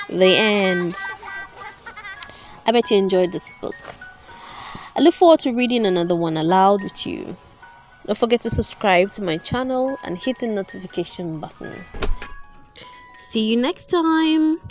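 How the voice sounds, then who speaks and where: Brief: woman reading a children's storybook aloud, high and animated in pitch, over loud background music. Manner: slow, expressive storytelling. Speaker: storybook reader. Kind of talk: children's read-aloud narration.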